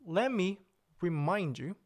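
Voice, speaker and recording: A man's voice: high-pitched, expressive, slow pace. A man playing a pompous, boastful, easily offended company boss on a comedic livestream, talking in an indignant, grandiose way.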